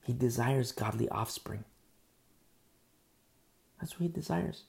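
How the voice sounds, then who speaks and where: A man preaching a sermon as pastor, blunt and emphatic, with quick asides to the congregation. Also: medium pitch, creaky, a little mellow.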